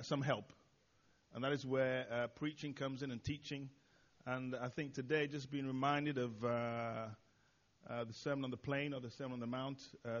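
A man's voice: mid-range voice, muffled recording. Hesitant man reflecting after a sermon. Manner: hesitant, with many "uh"s and restarts, self-deprecating. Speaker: church leader responding to the sermon.

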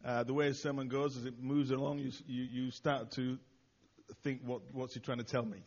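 A man's voice: mid-range voice, flat delivery, fairly quick, darkish tone, muffled recording, slight background noise. Hesitant man reflecting after a sermon. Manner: hesitant, with many "uh"s and restarts, self-deprecating. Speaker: church leader responding to the sermon.

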